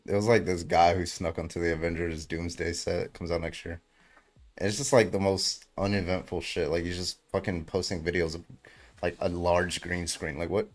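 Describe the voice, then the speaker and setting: A deep-voiced man hosts a casual livestream debate. He talks in a laid-back way, swearing freely and chuckling between remarks.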